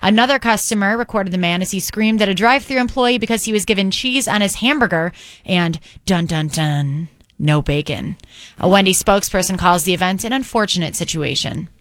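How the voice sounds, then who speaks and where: A woman reads the news on a morning radio show and adds wry banter. Her voice has a medium pitch. The studio sound is very dry. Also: fairly quick, fairly bright tone, dry recording.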